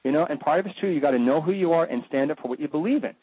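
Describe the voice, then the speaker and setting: Husky, theatrical man, radio guest; slightly high, dry lo-fi radio sound. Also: very fast, no room sound. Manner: flamboyant, jokey, swoops into high mock voices. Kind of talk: animated talk-radio chat. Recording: dull lo-fi radio audio.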